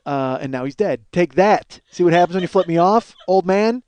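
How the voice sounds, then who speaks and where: A man's voice: high-pitched, expressive, normal speed, darkish tone, a little hiss or hum. A middle-aged man from the Chicago area telling rambling, profane, self-mocking comic stories as a podcast host, acting out bits of dialogue. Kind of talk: comic storytelling monologue.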